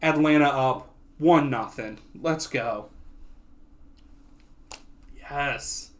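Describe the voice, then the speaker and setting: A young man giving loose live commentary on a soccer match for his viewers. His voice sits at a middling pitch and stays chatty, then jumps into eager shouting when something happens. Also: extremely slow. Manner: excitable, casual play-by-play. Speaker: watch-along host.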